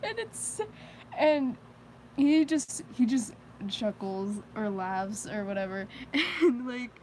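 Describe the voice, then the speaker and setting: A woman's voice: mid-range voice, animated, slow, warm tone, a little hiss or hum, low-quality recording. A teenage girl chatting casually on a live stream, rambling with many fillers and frequent giggles. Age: teens. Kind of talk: casual chat.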